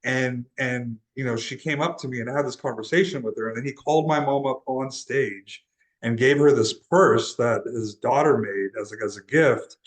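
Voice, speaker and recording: A man's voice: medium pitch, normal speed, poor audio. A young man from Texas, a guest in an interview, telling a personal story in an earnest, casual way with frequent restarts. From Laredo, Texas, USA. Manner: earnest, often restarts and repeats words. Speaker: interview guest, transformational guide.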